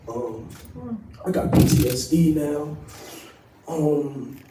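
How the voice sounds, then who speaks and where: A man giving an emotional public testimony, soft-spoken and halting, with many pauses and ums. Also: fairly high pitch. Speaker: activist and co-founder of a group. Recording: distant, roomy livestream audio with faint noise.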